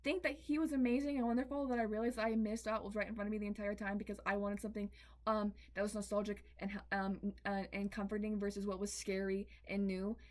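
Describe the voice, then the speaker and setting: A young woman telling a personal story to her viewers, candid and emphatic, swearing freely and swinging between excitement and tears. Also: mid-range voice, fast talker. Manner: emphatic, repeats words. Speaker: vlogger. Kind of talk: confessional storytime.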